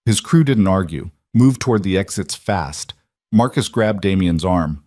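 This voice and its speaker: A man narrating a dark crime story in a steady, grave, scripted manner. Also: low voice, unhurried, no room sound, studio quality.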